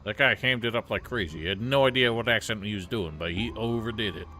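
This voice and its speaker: A man streaming a game, giving casual, sarcastic commentary with sudden loud outbursts. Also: lowish voice, quick pace, faint music behind.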